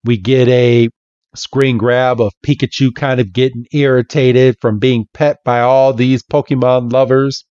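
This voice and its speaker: A man hosting a podcast, casually retelling a comic with amused, relaxed storytelling. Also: mid-range voice, unhurried, smooth, no echo, muffled recording. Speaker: podcast host. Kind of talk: casual chat recapping a comic.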